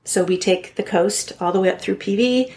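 A woman guest from Southern California speaks candidly and earnestly about her family. Her voice sits at an ordinary middle pitch, and her telling is heartfelt rather than polished. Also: normal speed, a little mellow. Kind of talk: personal storytelling in a podcast interview.

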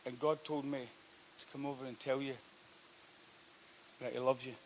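A man preaching a sermon, telling a story that swings from hushed to loud. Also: medium pitch, flat delivery, a little slow, slight background noise. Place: church hall.

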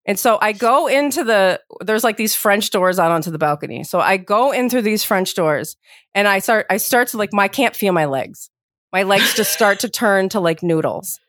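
A woman's voice: mid-range voice, moderate pace, no room sound. Woman podcaster rambling thru a story, lots of likes, dry close sound. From lived abroad as a teen, international school. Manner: rambling, many "like" fillers, animated retelling. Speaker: podcast host. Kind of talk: casual storytelling chat.

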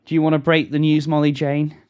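A man's voice: on the high side, monotone, fast, darkish tone, highs cut off. Chatty male co-host who keeps laughing. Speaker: podcast co-host. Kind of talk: casual news chat.

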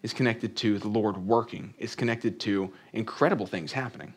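A man's voice: lowish voice, moderate pace, slightly rough. A man preaching a sermon in a conversational way, reading scripture aloud and adding joking asides. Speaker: pastor.

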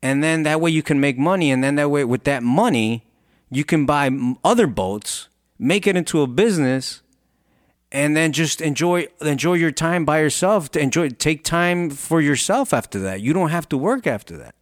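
A man voices a pushy, suited businessman, a grown man who lectures insistently in a raised voice while telling a story. The delivery is expressive and at normal speed, pitched somewhat high, above the performer's own voice but close to an everyday one. The recording is dry and studio quality.

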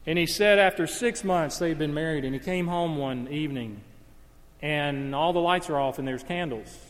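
A man pitched a little above the usual preaches a sermon from the pulpit. He moves between hushed, intimate storytelling and loud, impassioned emphasis. His voice carries a long reverb through a large hall. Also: normal speed. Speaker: pastor.

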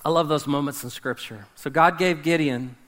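A man preaching a sermon, animated, swinging between loud emphasis and hushed, dramatic drops. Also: fairly high pitch, moderate pace. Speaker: pastor.

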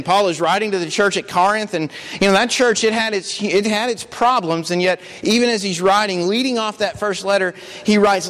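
A man's voice: sits high, fairly bright tone, big-room sound. A male preacher giving an earnest sermon, telling stories and often repeating words. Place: church.

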